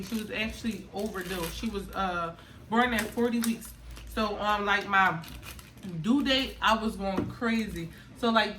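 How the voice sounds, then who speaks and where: A young woman telling her birth story in casual storytime chat, animated and laughing often. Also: mid-range voice, slight background noise. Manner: animated, laughs often, loud acted outbursts. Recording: echoey room, mic a bit far.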